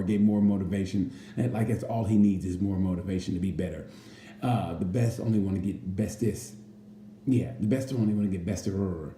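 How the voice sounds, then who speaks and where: A man rambles through a race recap in easy, jokey chat. His voice is deep-set and very mellow. The sound is roomy, with a faint hiss underneath. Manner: rambling, jokey, with playful impressions. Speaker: racing commentator. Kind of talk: casual chat. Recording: roomy with faint background noise.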